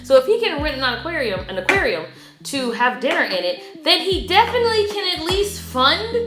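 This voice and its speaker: A woman's voice: sits high, very animated, a little fast, fairly bright tone. A woman co-hosting a podcast, giving casual, sassy and mocking commentary. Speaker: podcast co-host. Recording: echoey room with music behind.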